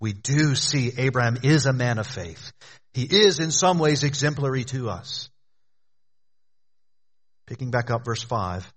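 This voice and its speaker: A man pastor preaching an earnest, exhorting sermon, often dropping low and quiet for emphasis. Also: lively intonation, measured pace, pauses often.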